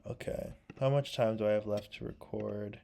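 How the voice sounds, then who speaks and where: A young man with a low, gravelly voice talks casually while painting. He rambles and reminisces, scattering fillers. His throat is sore. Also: fairly even intonation, moderate pace, very noisy. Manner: rambling and nostalgic, full of "like" and "um". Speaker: vlogger.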